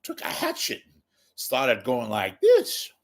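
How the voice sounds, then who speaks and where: A man putting on a slow, ominous, deadpan male true-crime TV narrator. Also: medium pitch, exaggerated voice.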